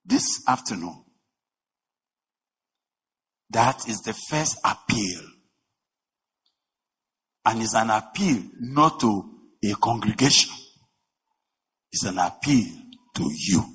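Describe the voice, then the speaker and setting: A man preaching a sermon, emphatic, with rhetorical questions, swinging between shouting and a low voice. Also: expressive, slow pace, pauses often, slightly rough. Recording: long reverb of a large hall.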